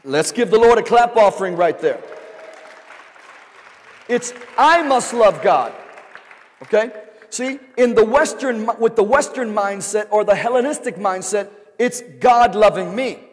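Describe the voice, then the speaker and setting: With some chatter in the background, a high-voiced male pastor preaches a little slowly, using call-and-response and asking the congregation question after question. His words ring with the long echo of a large sanctuary.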